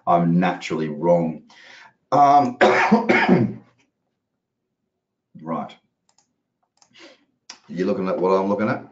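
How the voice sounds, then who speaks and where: A man's voice: deep voice, animated, extremely slow, long pauses. A man giving casual, rambling live market commentary as a trading educator, chatty and casually profane. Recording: roomy, dull lo-fi audio.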